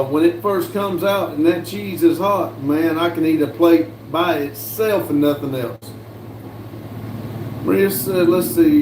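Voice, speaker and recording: A man hosting a live stream, his voice a bit high for a man and his pace unhurried and drawling. He reads chat messages aloud and chats back casually. The sound is roomy and echoey, with a faint hiss behind him. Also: a little mellow. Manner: slow, drawling, reads comments aloud with fillers. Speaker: livestream host reading chat. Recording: echoey room with faint background noise.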